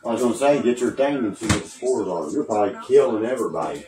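A man from Cleveland, Ohio with an Ohio accent, chatting loudly and profanely as a guest. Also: on the low side, fast talker, a crowd in the background. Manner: loud, profane, excitable. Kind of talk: casual chat.

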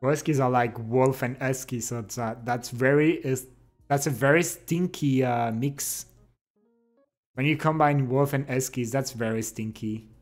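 Slow-talking playful young streamer guy. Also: medium pitch, fairly even intonation, faint music behind. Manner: playful, teasing, reads chat aloud. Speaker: livestreamer. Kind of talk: casual chat with viewers.

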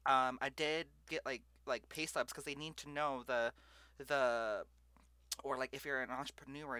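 A man's voice: mid-range voice, pushed and bright, smooth, dry recording. A man hosting a live stream, thinking aloud with lots of fillers and asking his viewers questions. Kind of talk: casual live stream chat.

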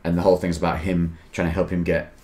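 An Australian man hosting a podcast, telling stories in a relaxed, casual chat, swearing and laughing easily. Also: low-pitched, quick pace. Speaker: podcast host.

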